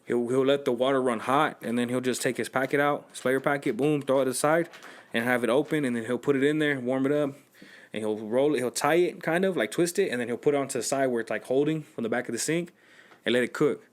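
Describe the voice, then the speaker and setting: A man's voice: mid-range voice, fast. A young man hosting a podcast, telling loose slangy stories in casual chat. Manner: loose slangy storytelling, acts out quotes. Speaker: podcast host.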